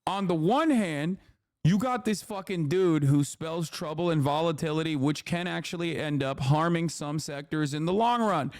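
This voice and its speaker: A man's voice: a little high, moderate pace, a little mellow, no room sound, clean studio sound. A man in his thirties from the United States, commenting on politics on a live stream in a profane, sarcastic way and mocking people with impressions.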